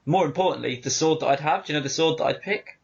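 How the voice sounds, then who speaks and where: A man co-hosting a casual podcast chat, talking with excited enthusiasm. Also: fairly high pitch, fast talker, creaky, husky, lo-fi sound. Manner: excitable, enthusiastic film fan. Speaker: podcast co-host.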